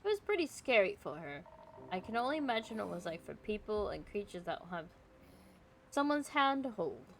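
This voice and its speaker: A woman's voice: medium pitch, big pitch swings, fairly quick, a little hiss or hum. A woman doing a bubbly, eager young adventurer. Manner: bubbly, exclaiming.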